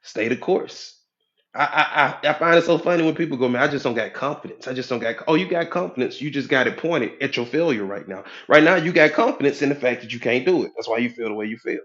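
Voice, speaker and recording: Male life coach, mid-pitched, slightly muffled recording, motivational. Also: fast talker. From United States. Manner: preachy, animated, acts out quoted voices. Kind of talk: motivational talk.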